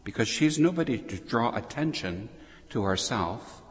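Priest, male, devout sermon delivery, unhurried Latin recitation, reverberant church. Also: mid-range voice, expressive. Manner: slow, devout, reads Latin phrases then translates.

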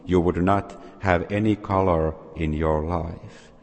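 A man voicing a patient, wise master potter who calmly explains himself. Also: low-pitched, slow pace, heavily acted. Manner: calm, explaining. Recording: long hall reverb.

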